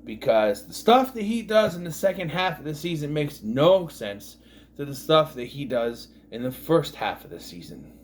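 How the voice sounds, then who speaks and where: A man's voice: fairly high pitch, sing-song, moderate pace, slight background noise. Rambling, sarcastic man recapping a show. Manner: rambling and sarcastic, with many fillers and asides. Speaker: TV show reviewer. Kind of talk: casual recap commentary.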